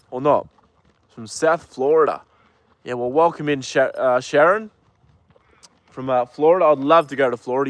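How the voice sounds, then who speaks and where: A man from Australia with an Australian accent, chatting casually with viewers on a live stream from a horse paddock, relaxed and full of ums and uhs. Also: fairly high pitch, dry recording. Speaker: livestream host with a horse. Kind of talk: casual live chat reading viewer comments.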